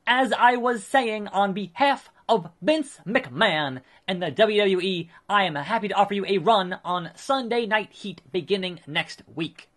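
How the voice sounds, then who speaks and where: A man voicing a smug middle-aged male wrestling promoter, speaking slowly and grandly. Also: high-pitched, fairly bright tone, pitched above the performer's own voice. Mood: pompous. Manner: pompous, slow and grandiose.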